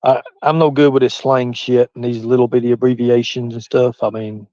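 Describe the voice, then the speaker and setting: A man's voice: medium pitch, little pitch movement, brisk, mellow, no room sound, muffled recording. A man with a Southern US hillbilly accent, rambling and swearing freely on a casual livestream while he reads chat aloud. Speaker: livestream host.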